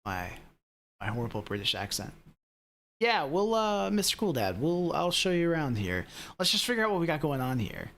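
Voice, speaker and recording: This sim racing streamer has a rather high, slightly bright voice with a sing-song lilt and a moderate pace. His talk is loose live-stream chatter aimed right at viewers, full of rambling and filler words.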